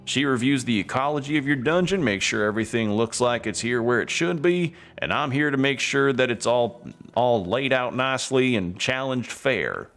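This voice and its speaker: A man's voice: medium pitch, moderate pace, a bit bright, natural voice. A man doing a fussy office dungeon inspector. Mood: officious. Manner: officious, bureaucratic reviewer patter.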